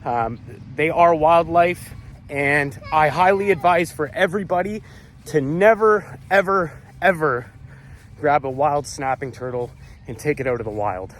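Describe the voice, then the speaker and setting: A man's voice: on the high side, a little slow. Upbeat man vlogging outdoors by a pond. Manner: upbeat, chatty, addresses viewers as guys. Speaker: vlogger, animal keeper. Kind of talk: casual outdoor vlog to camera.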